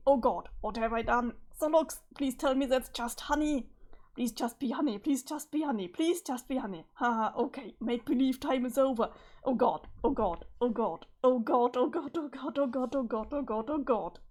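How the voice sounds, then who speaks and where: A woman reading a panicked, loud young male troll's lines aloud. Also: sits high, normal speed. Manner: frantic, repeating himself in panic.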